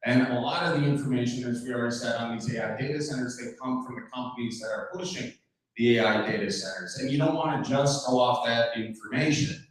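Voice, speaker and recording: A man addresses a community meeting in a casual, joking way, wandering into anecdotes. His voice sits at an ordinary middle pitch. It rings through a very echoey hall and sounds well away from the microphone. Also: quick pace. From Wisconsin. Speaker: public speaker at a community meeting. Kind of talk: casual public talk with jokes. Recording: very echoey hall, voice far from mic.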